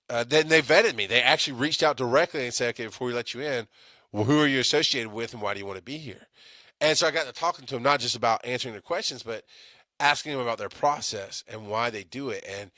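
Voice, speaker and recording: A man's voice: medium pitch, a bit bright, no echo, studio quality. A man hosting an EMS show, telling a story in a rambling, casual way with many restarts. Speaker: EMS podcast host.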